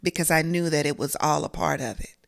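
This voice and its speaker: A woman's voice: sits low, steady tone, brisk, vocal fry. A middle-aged woman, from South Carolina, telling a personal story as an interview guest in an emotional, earnest, conversational way.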